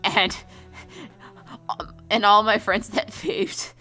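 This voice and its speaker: A young woman streamer draws a storyboard and chats casually, rambling, giggling, and swearing offhand, with faint music behind. Her mid-range voice is sing-song, slow, gravelly, bright, and forceful.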